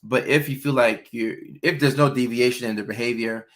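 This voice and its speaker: A man's voice: mid-range voice, steady tone, fairly quick, a bit bright. A young adult man hosting a livestream, chatting casually about relationships and answering viewer questions, with lots of fillers. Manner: loose and chatty, many fillers, acts out quoted voices. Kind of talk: casual live chat.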